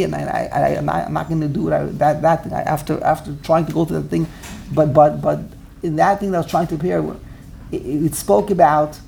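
Gravelly man lecturing, stammering repeats. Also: fairly high pitch, slight background noise. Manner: animated, repeats words while searching for phrasing. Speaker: Torah teacher. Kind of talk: classroom Torah lecture.

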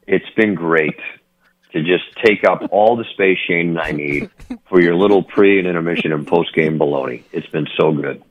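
A man's voice: sits low, normal speed, narrow, tinny audio. A man, a hockey broadcaster, chatting by phone on a sports radio show, rambling with many fillers and restarts.

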